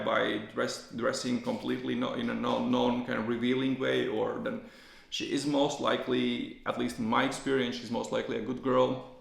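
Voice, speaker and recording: A man's voice: mid-range voice, vocal fry, fairly bright tone. A man hosting a podcast, talking casually in a rambling way with many restarts and repeated words. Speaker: podcast host. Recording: roomy echo.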